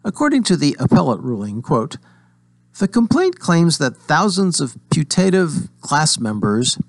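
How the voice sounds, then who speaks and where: A man's voice: medium pitch, no echo. A man reading his weekly legal news column as scripted commentary, full of dry sarcasm and rhetorical questions.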